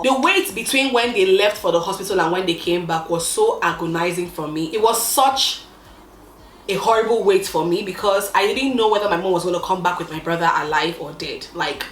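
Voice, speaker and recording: A young woman telling a storytime with expressive, dramatic emphasis, drawing out key words. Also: lowish voice, normal speed, echoey room, a little hiss or hum, low-quality recording. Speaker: vlogger. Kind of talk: casual storytime.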